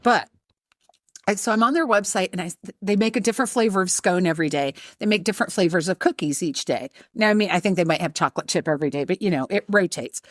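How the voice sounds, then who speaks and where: A middle-aged woman co-hosting a podcast, telling a story in a casual, animated way, laughing often and acting out the people in it. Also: lowish voice, fast, no room sound, clean studio sound. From not from Charleston. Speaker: podcast co-host.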